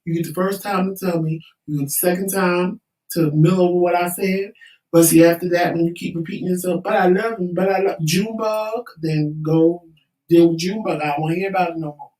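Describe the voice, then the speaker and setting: A man's voice: a little high, level tone, a little fast, a little mellow. A man co-hosting a casual chat show, talking bluntly and with lots of profanity. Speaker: co-host. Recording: roomy, distant from the mic.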